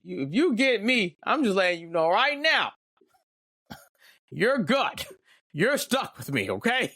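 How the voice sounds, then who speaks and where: A man's voice: high-pitched, big pitch swings, measured pace, pushed and bright, no room sound, clean studio sound. A young man hosting a casual solo podcast, talking candidly and rambling with joking asides. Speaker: podcast host.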